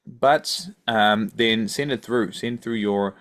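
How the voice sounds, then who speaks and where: Laid back guy hosting a podcast, kinda low voice, lots of ums. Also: flat delivery, a little slow, fairly bright tone. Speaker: podcast host. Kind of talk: casual chat.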